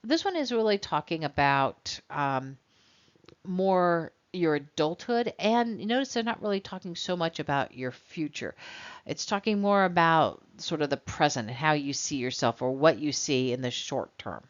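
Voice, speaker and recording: A woman instructor with a deep, animated voice gives a recorded college lecture at a normal pace. She speaks conversationally and acts out exchanges with students. The recording is dull and lo-fi.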